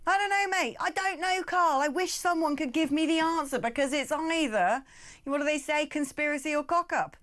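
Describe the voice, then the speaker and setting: A woman hosting a radio phone-in, briskly reading out listener messages and answering callers. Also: high-pitched, a bit bright.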